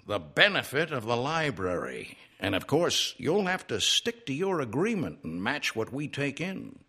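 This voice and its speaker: A man's voice: mid-range voice, huge pitch swings, measured pace, bright, forceful tone, breathy edge, voice pushed up, heavily acted. A man reading the part of a brash, wisecracking talking horse in a cheeky, breezy manner.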